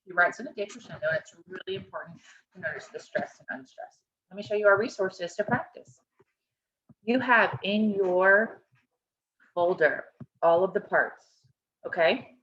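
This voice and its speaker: A woman's voice: medium pitch, normal speed, pauses often, fairly bright tone, slight background noise. A woman teaching a choir lesson over a video call, explaining a score step by step and often checking in with "okay?". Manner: encouraging, instructive, checks in with "okay?". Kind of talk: online music lesson. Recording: dull lo-fi video call audio.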